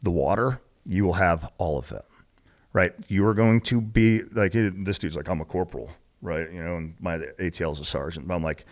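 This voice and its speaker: A man in his forties with a very low voice tells stories on a podcast. His talk is casual and laced with profanity. He jumps into the voices of the people in his stories. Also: brisk. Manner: profane, animated, acts out quoted dialogue. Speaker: podcast guest, military veteran. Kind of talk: casual storytelling.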